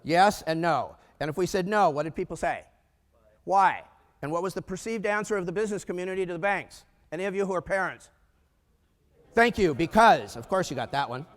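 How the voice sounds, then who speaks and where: A man's voice: sits high, quick pace. A man telling stories in a conference talk, acting out the lines of people in his stories. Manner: animated storyteller who acts out quoted dialogue. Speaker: conference speaker. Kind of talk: storytelling keynote talk. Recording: long hall reverb.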